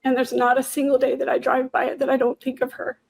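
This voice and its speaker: A woman's voice: high-pitched, completely flat delivery, fast, gravelly. A woman hosting a conversational interview, talking candidly and reflectively with a wry edge. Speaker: host.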